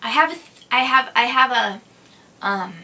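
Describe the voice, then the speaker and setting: A young woman from Minnesota hosts her own vlog, chatting casually through viewer questions. Her voice is bright and sits a little high. She is giggly and hesitant, full of ums and restarts. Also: expressive, moderate pace. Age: young adult. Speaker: vlog host. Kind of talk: casual chat.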